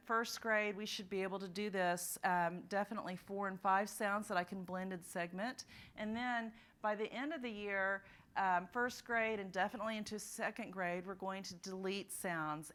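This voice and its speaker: A woman's voice: medium pitch, fairly even intonation, moderate pace, a bit bright. A woman presenting at a teachers' literacy conference, working through examples and modeling sounds and words aloud for the audience. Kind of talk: teaching workshop talk. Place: conference room.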